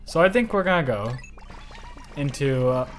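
An excitable, jokey man hosting a livestream and giving casual commentary while he plays a game. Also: mid-range voice, soft background music. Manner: excitable and jokey, quick to yell. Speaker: livestream host.

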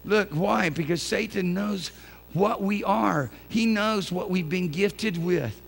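A man preaching a sermon in church, swinging from quiet conversational asides to loud, impassioned bursts with folksy turns of phrase. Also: high-pitched, slow pace, creaky. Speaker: pastor. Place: church sanctuary.

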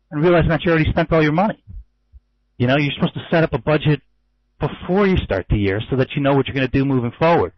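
A forex trader and trading educator gives a loose, casual market commentary webinar packed with fillers and wry asides. His voice is a little high, and the sound is lo-fi with no echo.

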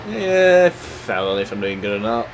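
A man casually commentating his racing gameplay, chatty and excitable, cursing at the game. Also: on the low side, normal speed, heavy background noise. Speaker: gaming YouTuber. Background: game music.

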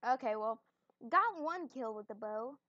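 Sitting on her bed at home, a young woman who runs a gaming channel comments casually on the game she's playing in a fairly high, sharp, animated voice at an unhurried pace. She rambles, makes self-deprecating remarks, and sometimes chews mid-sentence; the recording has no echo and its highs are cut off.

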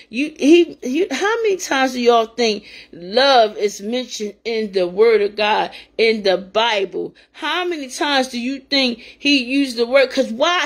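An older woman with a fairly high voice gives a spontaneous testimony and sermon. She talks with fervor and often breaks into shouted praise between her plain talk. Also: lively intonation, slow pace, creaky. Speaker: talk show host giving encouragement.

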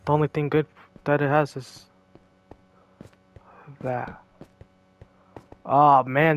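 Jokey, excitable man narrating his gameplay. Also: a little high, takes it slowly, long pauses. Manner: jokey, excitable, talks to himself and the mobs. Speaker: gameplay commentator. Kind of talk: casual gameplay commentary.

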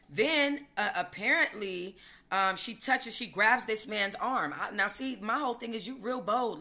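Female livestream host, bright forceful voice, slangy and emphatic, casual commentary to a chat. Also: medium pitch, a little slow.

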